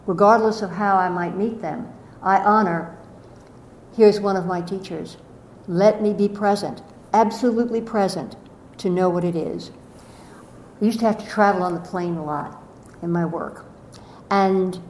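An older woman telling a reflective spiritual story slowly and gently, her voice often trailing off softly. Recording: echoey room with faint rumble.

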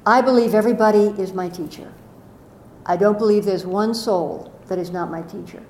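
An older woman telling a reflective spiritual story slowly and gently, her voice often trailing off softly. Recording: echoey room with faint rumble.

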